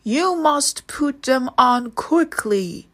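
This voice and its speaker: A woman's voice: high voice, lively intonation, extremely slow, a bit bright, pitched above the performer's own voice, exaggerated voice. A woman doing a stern man barking orders. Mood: commanding. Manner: curt, commanding. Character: stern adult man in charge, gives orders.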